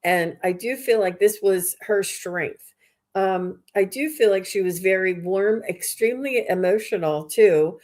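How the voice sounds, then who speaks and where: A woman's voice: medium pitch, measured pace, a little mellow. Woman medium chatting thru a live reading, lots of um and like, keeps restarting sentences. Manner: chatty, filler-heavy, restarts mid-sentence. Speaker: psychic medium host.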